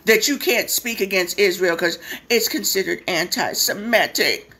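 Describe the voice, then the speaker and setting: A woman's voice: medium pitch, normal speed, bright, forceful tone, slight background noise. A woman hosting a live stream, delivering a blunt, profane and sarcastic impassioned rant.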